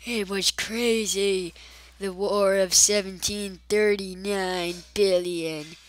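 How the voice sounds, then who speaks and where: A woman plays a boastful, battle-scarred blob who spins war stories in a slow, drawn-out, mock-dramatic way. The voice sits close and dry, with no room around it. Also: medium pitch, steady tone, no room sound, natural voice.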